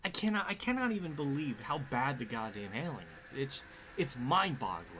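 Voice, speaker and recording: Male streamer, live racing gameplay, profane and exasperated, pitch jumps all over, room noise under the voice. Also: sing-song, fairly quick. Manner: frustrated, profane, swearing often at the game; mutters and laughs under his breath. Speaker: streamer playing a racing game.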